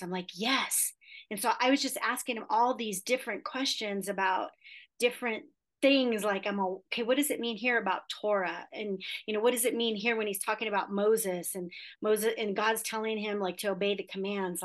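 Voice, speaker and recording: A woman in her fifties, a guest in a casual interview, telling a story in a chatty way and acting out the quoted dialogue, with many fillers. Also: medium pitch.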